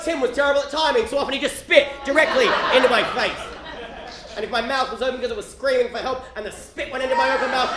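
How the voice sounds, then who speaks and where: An Australian man doing live stand-up comedy, profane and incredulous, often shouting to the audience. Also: very high voice. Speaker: stand-up storyteller. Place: stage before a live audience. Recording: roomy live venue, loud crowd noise.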